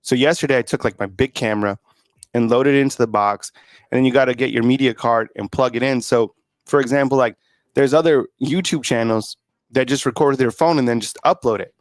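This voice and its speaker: Man, casual host, rambling with fillers, mid-pitched voice, dry sound. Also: brisk, dry recording. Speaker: host of a college football channel. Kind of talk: casual sports talk.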